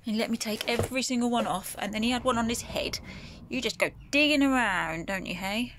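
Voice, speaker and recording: This woman, a vlogger feeding a feral cat, records herself outside on her phone, coaxing the animal with affectionate, casual pet chatter. Her voice is a little high and a bit bright, she talks briskly, and there's a slight hiss or hum.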